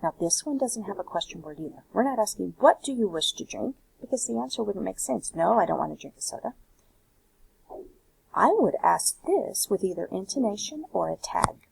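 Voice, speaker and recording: A woman's voice: mid-range voice, sing-song, gravelly, breathy edge, poor audio. A woman teaching a Spanish class, walking students through a worksheet with patient, step-by-step explanations. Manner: patient, explanatory, slows down for examples. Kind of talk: recorded classroom lesson walkthrough.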